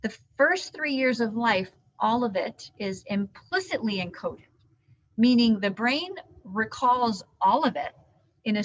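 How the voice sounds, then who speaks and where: High-voiced woman giving a training talk. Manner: animated teaching, hand gestures, warm explanations. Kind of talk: live training talk to caregivers. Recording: dull lo-fi sound.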